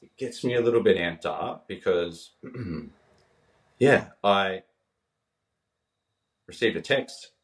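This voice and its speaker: An earnest man shares heartfelt stories on a podcast, his voice sitting fairly low. He sounds set back from the microphone in a room with a lot of echo. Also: expressive, slow, pauses often, distant mic. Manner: earnest, heartfelt, quoting others as he tells stories. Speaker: podcast guest. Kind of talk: emotional storytelling in conversation.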